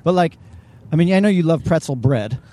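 A man co-hosting a casual comedy podcast, rambling and joking in an animated way. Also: a little high, brisk. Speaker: podcast co-host.

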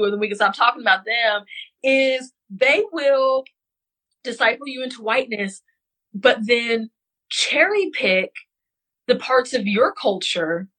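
A woman's voice: fairly high pitch, a bit bright, rough recording. A woman from West Central Missouri in casual podcast conversation, telling stories animatedly with lots of fillers and restarts.

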